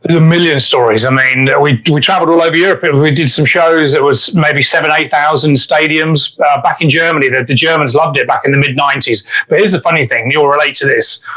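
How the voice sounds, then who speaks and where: Middle-aged man, podcast guest, bright tense voice, easygoing storyteller, dull lo-fi sound. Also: a little high, fairly even intonation, fairly quick, few pauses. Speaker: podcast guest, fitness coach. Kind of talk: casual interview storytelling.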